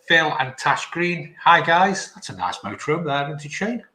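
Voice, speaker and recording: A man's voice: fairly high pitch, big pitch swings, normal speed, sharp tone. A man hosting a live show, reading viewer comments in a chirpy, bantering way. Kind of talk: casual live-stream chat. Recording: roomy echo.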